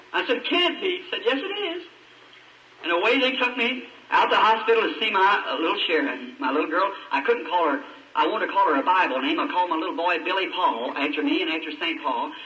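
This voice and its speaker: A high-pitched, bright-toned preacher tells a personal story with raw emotion, his voice climbing into pleading cries. He sounds far from the mic, and his voice rings through an echoey hall. A faint hiss of old tape runs underneath. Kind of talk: sermon testimony.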